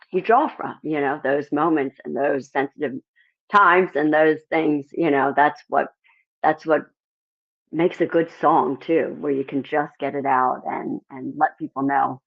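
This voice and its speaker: A middle-aged woman, a country singer-songwriter, chatting as an interview guest and telling lively stories. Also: low voice, muffled recording. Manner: animated storytelling, acts out others' voices. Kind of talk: casual interview chat.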